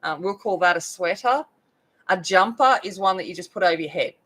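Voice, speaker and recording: Australian woman, coloring video host, casual chat, rambling, filler words, slightly low pitch. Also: expressive, brisk, a bit bright, husky, rough recording. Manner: rambling, chatty, many fillers.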